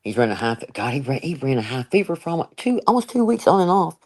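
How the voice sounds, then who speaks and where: A woman's voice: deep voice, sing-song, fast talker, darkish tone, low-quality recording. An older woman, hosting a casual live chat and talking in an emphatic, chatty way with frequent asides. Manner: chatty and emphatic, laughs often, with many asides. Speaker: live-stream host.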